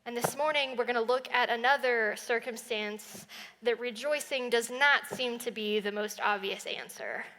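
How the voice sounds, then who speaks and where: A young woman preaches to a congregation in a relaxed, conversational way. Her voice sits a little high and sounds bright. The church hall gives it a long, ringing reverb. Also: moderate pace. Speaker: college minister. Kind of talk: sermon. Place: church sanctuary.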